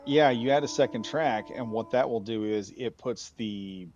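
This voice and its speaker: A man's voice: mid-range voice, moderate pace, a little mellow. A man hosting casual chat while gaming, rambling through stories with many restarts. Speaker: gaming channel host. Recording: dull lo-fi mic.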